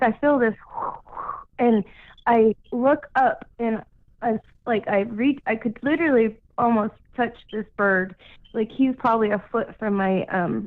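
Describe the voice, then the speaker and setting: Calling in to a radio show on her phone, a woman tells a story in a chatty, casual way, full of "like" and "you know." Her voice is fairly high, and the dry recording comes through a tinny phone line.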